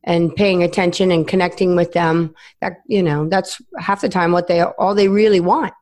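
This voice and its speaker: A woman's voice: on the low side, fairly even intonation, slight background noise. A woman from Southern Maryland hosting a casual interview, agreeing readily and reflecting on helping clients. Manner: warm affirming, quick to agree. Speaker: podcast host.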